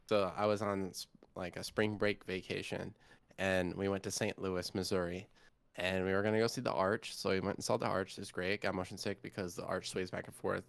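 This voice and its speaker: A man's voice: sits low, creaky. A man of about twenty, co-hosting a casual podcast chat and telling a long, rambling story with lots of energy. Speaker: co-host.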